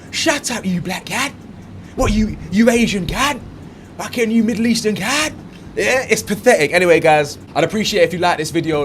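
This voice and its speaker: Man, commentary host, blunt and mocking, slangy rant, slightly high voice, faint hiss behind. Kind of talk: ranting video commentary.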